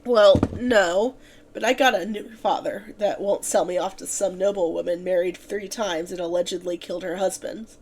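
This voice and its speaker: A woman's voice: lowish voice, steady tone, normal speed, a little mellow, slight background noise, lightly acted. A woman voicing an eager young nobleman who talks in an earnest, chatty way.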